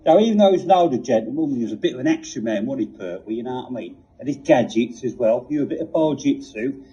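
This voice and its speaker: A man's voice: medium pitch, animated, fast, dark tone, a little hiss or hum. A man hosting a mock chat show in a rambling, casual way, with offhand asides. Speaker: comedy show host. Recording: dull lo-fi recording.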